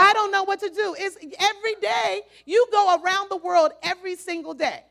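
A woman preacher delivering a sermon, emphatic and repetitive, now and then rising to shouted exhortations. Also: very high-pitched, brisk, gravelly, hardly any pauses.

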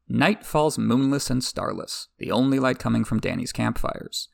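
A man's voice: medium pitch, moderate pace, creaky, hardly any pauses, dry recording, studio quality. A man recapping a fantasy book in a wry, irreverent way, swearing casually. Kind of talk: sarcastic story recap.

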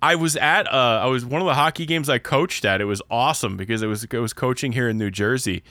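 A man's voice: mid-range voice, quick pace, bright, forceful tone, no room sound. A young man from Pennsylvania with a Pennsylvania accent, co-hosting a podcast in casual chat and rambling with many restarts. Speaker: podcast co-host.

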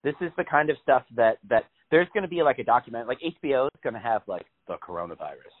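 Brief: lively comic co-host, man, swearing and rambling, thin phone-line sound. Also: medium pitch, fast talker. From New York. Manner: joking, profane, rambling with many fillers. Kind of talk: casual comedic chat.

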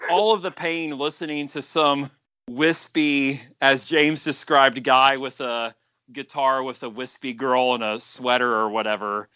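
A man's voice: medium pitch, fairly even intonation, unhurried, sharp tone, clear, resonant tone, no room sound, highs cut off. A man in casual podcast chat, giggly and teasing, given to exaggerated jokes. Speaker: podcast co-host.

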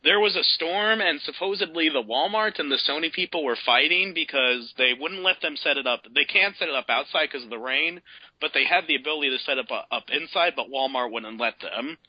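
A man calling in to a radio show, telling a long, exasperated story in a casual, animated way. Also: fairly high pitch, a little fast, slightly rough, dry recording. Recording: dull lo-fi radio broadcast.

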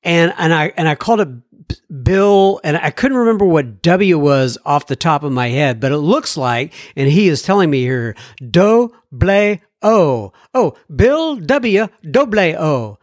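A man's voice: a little high, animated, moderate pace, no room sound, clean studio sound. A man hosting a podcast, reading listener emails aloud and chatting between them with self-deprecating jokes. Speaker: podcast host.

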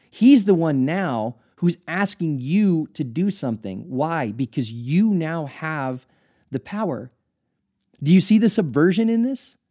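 A man's voice: fairly high pitch, warm tone. A man who studied at seminary, explaining scripture in an earnest teaching talk and asking rhetorical questions as he goes. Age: adult, studied at seminary.

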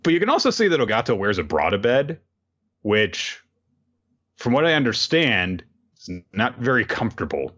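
A man's voice: mid-range voice, huge pitch swings, moderate pace, fairly bright tone. A man in casual chat, making dry, wry asides. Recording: dull lo-fi recording.

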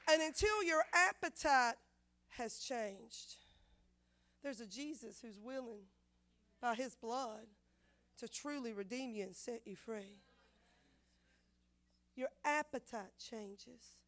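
A woman preaching a sermon, repeating phrases and acting out the voices in her story, swinging from loud to hushed. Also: a little high, expressive, slow, pauses often. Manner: dramatic swings of loudness, acts out quotes, repeats phrases.

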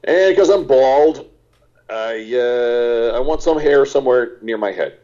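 An older actor, a guest in a casual interview, rambles through animated stories packed with "uh"s. His voice is medium-pitched and slow, and the recording sounds muffled.

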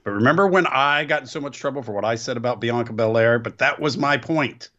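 A man co-hosting a podcast in casual chat, dropping quick, wisecracking asides. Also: mid-range voice, bright, forceful tone. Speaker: podcast co-host. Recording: slightly dull, lo-fi sound.

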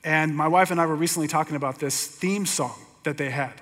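A man's voice: on the high side, brisk, fairly bright tone. Middle-aged man preaching in a reverberant hall. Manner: conversational storytelling with humor. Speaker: pastor teaching. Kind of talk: sermon.

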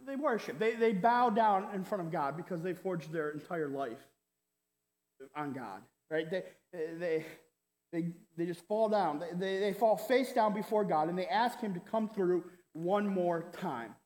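A male pastor delivering a sermon in an animated, conversational way, peppering it with "right?" asides and mock quotes. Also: sits high, unhurried. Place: church hall. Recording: roomy hall with long reverb.

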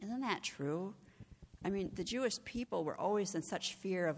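A woman's voice: fairly low pitch, brisk. A middle-aged woman preaching a sermon, earnest and conversational, often restarting and asking "right?" as she goes. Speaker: executive director and preacher. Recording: long reverb of a hall.

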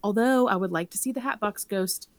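A woman's voice: medium pitch, brisk, no room sound. A woman co-hosting a podcast in casual chat, playful and teasing. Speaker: podcast co-host.

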